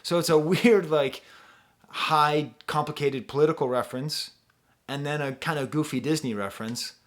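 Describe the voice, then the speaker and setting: A man's voice: fairly high pitch, moderate pace, a bit bright. An American man talking casually as an album reviewer, enthusiastic and full of asides as he explains lyrics. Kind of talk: casual music review talk.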